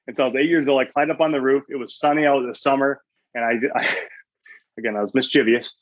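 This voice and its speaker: A man in a podcast interview, telling a personal story earnestly and often restarting mid-sentence. His voice sits at an ordinary pitch. The recording is a little muffled and very dry. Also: fairly even intonation, fast talker, no room sound. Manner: earnest storytelling, quoting his own thoughts, frequent restarts. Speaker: guest, sports chaplain.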